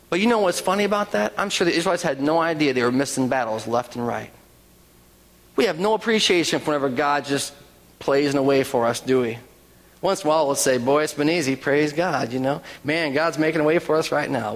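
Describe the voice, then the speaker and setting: A man preaching a sermon, swinging from hushed lines to sudden high, excited bursts as he acts out frightened people. His voice sits a little high for a man. The sound carries a long reverb from a large hall. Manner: animated, voices the crowd's panic in quotes. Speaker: pastor.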